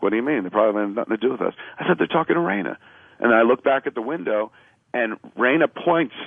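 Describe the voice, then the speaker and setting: Fast-talking man on a tinny radio line. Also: mid-range voice, creaky, breathy edge, dry recording. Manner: animated storyteller acting out quoted lines; loose and profane, with filler words. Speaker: radio show guest. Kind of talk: casual anecdote on a radio talk show. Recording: narrow phone-like radio sound.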